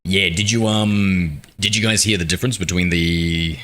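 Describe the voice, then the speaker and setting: A man's voice: low-pitched, fairly even intonation, moderate pace, fairly bright tone. A man live-streaming a game, chatting casually with his viewers in a rambling, self-deprecating way and reading their messages aloud. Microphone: streaming mic with noise suppression filter.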